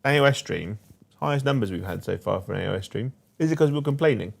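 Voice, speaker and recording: A man's voice: fairly low pitch, lively intonation, quick pace, vocal fry. A man, co-hosting a livestream in a playful, joking way and thanking viewers. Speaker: co-host of a livestream show. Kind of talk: casual livestream chat.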